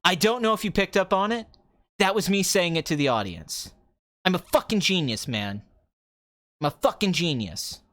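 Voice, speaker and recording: Here is a brash, self-loving film director played by a man as a comedic impression, ranting at speed and peppering every line with curses. The voice leaps around in pitch, swinging between hushed musing and wild excitement. The sound is dry and close. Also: no room sound. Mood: boastful. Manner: fast ranting, jumps from calm to excited, swears.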